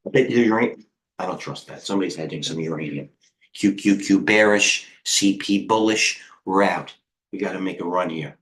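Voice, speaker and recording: A middle-aged American man hosting a live trading stream, excitable and rambling, jumping between stocks with quick quips. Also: low-pitched, a little hiss or hum. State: out of breath. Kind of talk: live market commentary.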